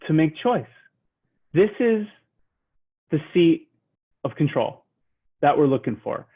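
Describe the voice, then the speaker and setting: Tinny-sounding man guiding a calm breathing exercise. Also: on the high side, husky. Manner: slow, soothing, drops to a hush while counting breaths. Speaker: leadership trainer. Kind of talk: guided mindfulness lesson.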